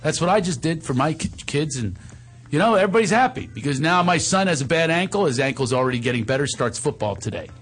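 A middle-aged man hosting a talk radio show, with a lively voice that swings up and down. He jokes and teases his co-hosts, laughing often. Faint music plays behind him. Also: fairly high pitch, quick pace, husky. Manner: teasing, joking, animated. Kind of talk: casual radio banter with an ad read.

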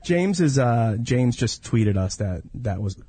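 A man's voice: medium pitch, husky. A middle-aged man who works as a radio DJ, co-hosting a show with casual joking banter. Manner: joking, quick and animated. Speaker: radio DJ co-host.

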